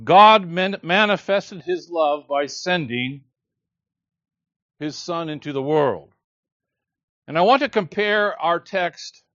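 A man preaching a sermon, earnest and measured, teaching a scripture passage with emphatic quotes. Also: a little high, fairly bright tone, no echo, dull audio.

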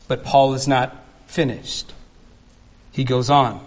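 A man preaching an expository sermon as pastor, slow and earnest, dwelling on single words. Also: mid-range voice, fairly even intonation, muffled recording.

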